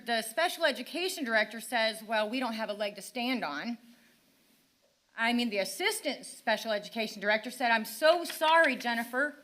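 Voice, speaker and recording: An older woman addresses a town council during public comment, frustrated and pleading. Her voice is bright and sits fairly high, and it sometimes breaks as she talks. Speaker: resident speaking at public comment.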